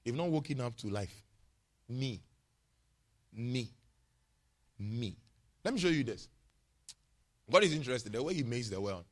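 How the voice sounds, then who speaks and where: A man's voice: medium pitch, big pitch swings, brisk. A male pastor preaching a sermon, emphatic and repetitive, often checking in with his congregation.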